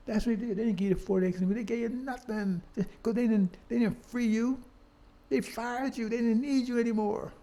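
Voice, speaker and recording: Speaking at a moderate pace in a high, mellow voice, an older man lectures passionately about history in a street-style manner. He leans hard on repeated rhetorical questions and throws in the odd swear word.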